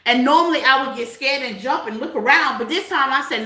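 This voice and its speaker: A woman gives a spiritual tarot reading in a high, bright voice. She talks in a loose, chatty way and keeps asking "okay?" The room around her is echoey. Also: brisk. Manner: conversational, chatty, repeats "okay?" often. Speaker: tarot reader.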